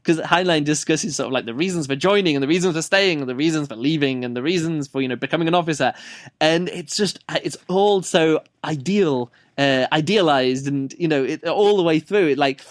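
Rambling podcast host, slightly high voice. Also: male voice, fairly quick, no echo, studio quality. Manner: off-the-cuff, rambling, restarts and self-corrections; laughs at his own stumbles. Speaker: podcast host reviewing books. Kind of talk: unscripted book review podcast.

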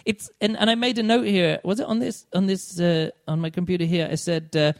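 A man with a notably high voice chats casually as a podcast co-host. His talk rambles, full of fillers, restarts and sudden mocking impressions of other people. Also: fairly even intonation, a little fast, vocal fry. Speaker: podcast co-host reviewing a book. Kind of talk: casual chat.

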